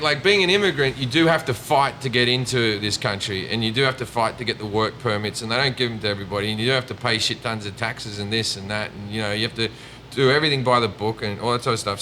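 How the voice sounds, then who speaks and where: A man's voice: medium pitch, quick pace, pushed and bright, slight background noise. A man with an Australian accent, a comedian chatting casually and telling stories, swearing and mimicking people. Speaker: comedian guest. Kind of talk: casual chat.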